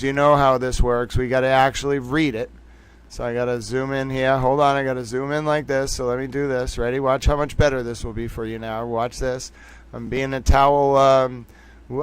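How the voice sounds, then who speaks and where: A man's voice: medium pitch, smooth. A man with a hard Boston accent hosting a live stream, talking straight to his viewers in a theatrical way and repeating his catchphrases. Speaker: livestream host.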